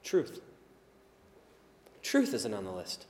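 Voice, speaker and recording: A male preacher giving a conversational sermon, sometimes quiet and chatty, sometimes loud and emphatic, and he laughs often. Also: lowish voice, slow pace, long reverb tail. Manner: animated, swings from quiet asides to loud emphatic shouts.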